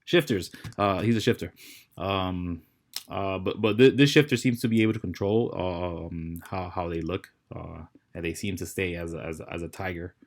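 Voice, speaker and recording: A man narrating as dungeon master, halting and restarting as he describes the scene. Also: low-pitched. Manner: halting, many fillers and restarts. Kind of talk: narrating a tabletop game.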